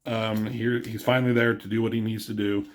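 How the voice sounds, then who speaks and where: A man gives a casual video review of a comic book, rambling loosely, leaning heavily on fillers and chuckling at his own jokes now and then. His voice is fairly low with a level tone, and he talks briskly.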